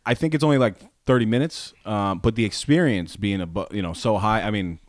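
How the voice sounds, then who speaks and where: A man's voice: on the low side, brisk, dry recording. A man co-hosting a podcast in casual chat, easygoing, laughing often and restarting his phrases, on a studio mic. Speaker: podcast co-host.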